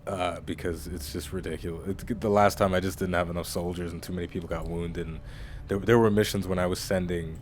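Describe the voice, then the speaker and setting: A man's voice: low-pitched, fairly even intonation, fairly quick, slight background noise. A man casually commenting on his own strategy-game playthrough in a chatty, rambling way. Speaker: let's-play host.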